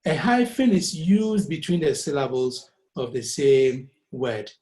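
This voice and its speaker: A man gives an online music lesson in an unhurried, measured way. He explains each point patiently and mixes in short Twi phrases, his voice at an ordinary middle pitch. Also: sing-song, warm tone, low-quality recording. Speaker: music teacher.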